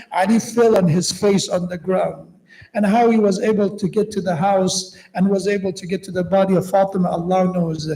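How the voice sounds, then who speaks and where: A sheikh delivering a memorial sermon, telling the story solemnly and reciting Arabic prayers. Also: male voice, high voice, vocal fry, dark tone. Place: mosque hall at a memorial gathering. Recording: echoey hall, distant mic.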